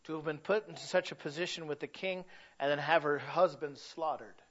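A middle-aged man preaching a sermon, swinging from loud to hushed. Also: a little high, fairly quick, dull audio. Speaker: pastor.

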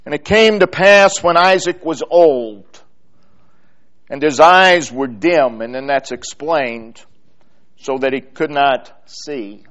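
A man preaching a sermon, reading scripture aloud with slow, deliberate pauses and emphatic repetition. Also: on the high side, a bit bright. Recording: dull lo-fi sermon recording.

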